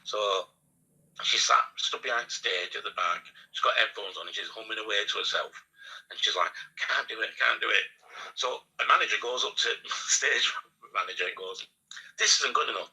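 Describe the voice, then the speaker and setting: Husky, bright-toned Northern English man. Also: fairly low pitch, fairly quick, low-quality recording. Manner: animated storyteller acting out quotes, laughing often. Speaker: radio presenter guest. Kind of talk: casual anecdote telling.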